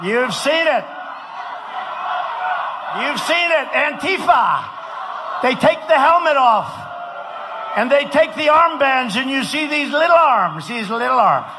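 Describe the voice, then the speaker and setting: A man from the United States giving a campaign rally speech, shouting and repeating phrases for emphasis. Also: very high voice, big pitch swings, slow, pauses often, a crowd in the background. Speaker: politician addressing a rally. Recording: rally recording with clear background noise.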